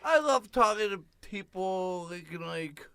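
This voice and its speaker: A man co-hosting a casual podcast, rambling and restarting his sentences in fast bursts. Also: high-pitched, animated, vocal fry, sharp tone, smooth, no echo. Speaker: podcast co-host.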